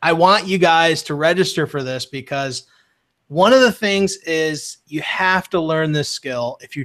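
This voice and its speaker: A man's voice: fairly high pitch, a bit bright. A man hosting an interview, enthusiastic and hyped up as he promotes an upcoming webinar. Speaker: host.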